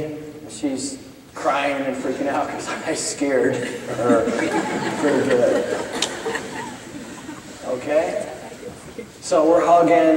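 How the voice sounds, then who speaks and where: A middle-aged man from Iowa, a business professor speaking in chapel, telling a story with urgent bursts and hushed stretches. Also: medium pitch, fairly even intonation, slow pace, pauses often, noisy background. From Iowa, United States. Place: large chapel hall. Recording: echoey hall, voice from far off.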